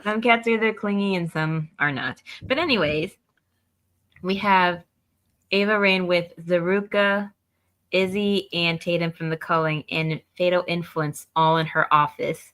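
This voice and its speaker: A woman co-hosting a casual podcast, recapping events in a brisk, matter-of-fact way. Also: fairly low pitch, steady tone, a bit bright. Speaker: co-host of a wrestling review show.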